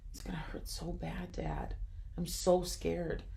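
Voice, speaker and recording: A woman's voice: low-pitched, expressive, moderate pace, gravelly, darkish tone. A woman reading the lines of Jesus as a frightened young man who pleads and then grows angry. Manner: pleading, rising to anguished anger.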